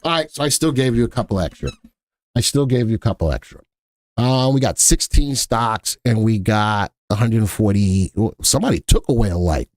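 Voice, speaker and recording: A man's voice: medium pitch, expressive, normal speed, no echo, studio quality. Chatty man hosting a live market stream. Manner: chatty, thinks aloud, repeats himself. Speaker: live stock market show host. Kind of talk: casual live-stream commentary.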